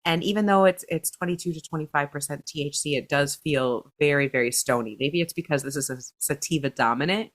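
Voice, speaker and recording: A woman's voice: low voice, brisk, hardly any pauses. A woman from upstate New York with an upstate New York accent, co-hosting a casual podcast and reading listener mail with frequent giggles. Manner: giggly, reads listener emails aloud. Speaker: podcast co-host.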